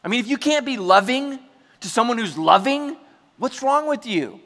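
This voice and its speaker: A man preaching a sermon to his congregation, chatty and joking, acting out quick asides as he goes. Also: very high-pitched, expressive, a bit bright. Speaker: pastor. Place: church hall before a congregation. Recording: large hall with long reverb.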